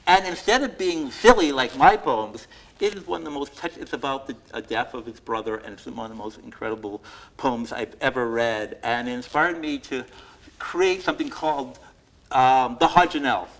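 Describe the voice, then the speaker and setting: A man reading his own poems aloud to a live audience at a museum event, reciting with loud emphasis and adding chatty, self-deprecating asides full of fillers and laughter. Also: mid-range voice, normal speed, low-quality recording. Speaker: poet receiving an award.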